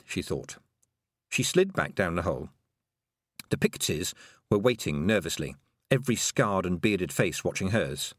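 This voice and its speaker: A man narrating an audiobook with expressive storytelling. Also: sits low, moderate pace, no echo, clean studio sound. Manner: expressive storytelling, many voices. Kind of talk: audiobook reading.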